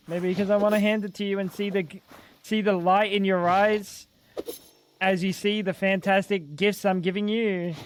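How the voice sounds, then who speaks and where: A young man with a high voice rambles and jokes to his chat while playing a game, swearing freely. He speaks into a desk microphone at home. Faint crickets and outdoor sounds sit behind him. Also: a little hiss or hum. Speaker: streamer. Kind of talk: casual gaming stream commentary.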